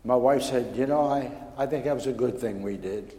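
A man preaching a personal testimony, telling his story in a stammering, animated way that builds in excitement. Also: mid-range voice, normal speed. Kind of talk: sermon testimony. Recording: echoey hall with long reverb.

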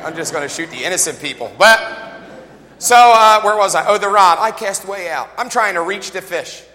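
A middle-aged male pastor preaching a sermon, animated, with jokes, asides and voices he quotes. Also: sits high, moderate pace, big-room sound. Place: church.

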